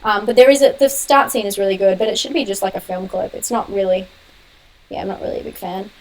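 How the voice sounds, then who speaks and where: A young woman runs a casual live-stream Q&A on her horror channel, talking fast, laughing a lot and replying to viewer comments. Her voice is mid-range, and the recording is rough.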